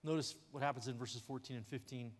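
A man pastor preaching a sermon, animated and jokey, dropping to a hush for weight. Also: medium pitch, fast. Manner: jokey asides. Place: church sanctuary. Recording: long hall reverb in a church sanctuary.

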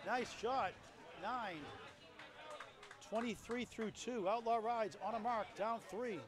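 Male play-by-play caller, high voice, quick score calls over a roaring bowling crowd. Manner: rapid score calls, lively promo plugs. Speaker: play-by-play commentator. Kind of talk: live bowling commentary. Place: bowling alley. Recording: loud crowd in a bowling hall.

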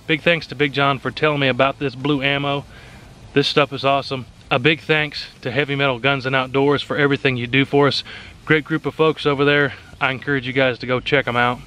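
A man hosting a casual outdoor shooting vlog, talking through his shots at a range. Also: mid-range voice. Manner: relaxed running commentary between shots. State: out of breath at times. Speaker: host of a shooting channel.

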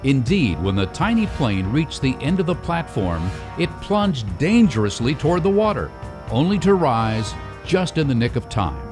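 Male narrator, mid-range voice, animated intonation, scripted documentary read. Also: medium pitch, over music. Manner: measured, storytelling delivery.

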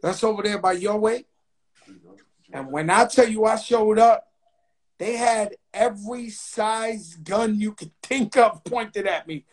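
A middle-aged man hosts a casual talk show. His voice sits unusually high for a man. He talks in loose, profane banter that is full of laughs. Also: a little slow. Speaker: host.

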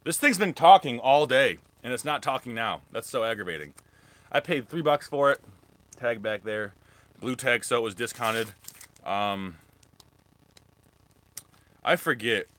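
A man's voice: mid-range voice, lively intonation, unhurried, pauses often, fairly bright tone, no echo. A young man rambling casually through a live thrift haul as a reselling vlogger. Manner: rambling, chatty, restarts often.

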